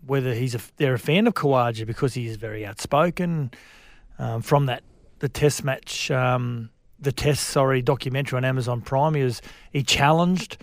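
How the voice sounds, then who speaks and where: A man's voice: medium pitch, moderate pace, no room sound. An Australian man co-hosting a sports radio show in casual, teasing chat.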